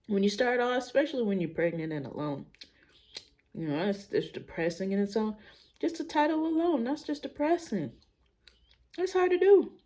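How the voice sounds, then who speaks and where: A young adult woman talking candidly in a casual personal vlog, musing out loud with relaxed everyday slang. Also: on the high side, moderate pace. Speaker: vlogger.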